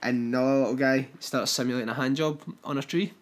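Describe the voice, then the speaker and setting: A man co-hosting a podcast, adding relaxed, dry asides in a casual movie review. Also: medium pitch, quick pace. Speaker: podcast co-host.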